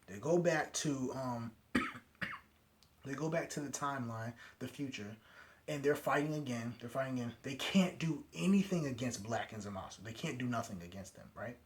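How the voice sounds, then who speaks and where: A man at home giving a casual, excited recap of an anime episode, full of slang and "right?" tags. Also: mid-range voice, moderate pace. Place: his home at night.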